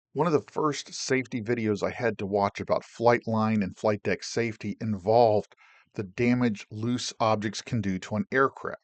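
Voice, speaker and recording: Animated middle-aged man telling war stories. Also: medium pitch, dry recording. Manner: animated, emotional retelling with swearing and restarts. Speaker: Navy veteran telling his own stories. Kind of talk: casual personal storytelling.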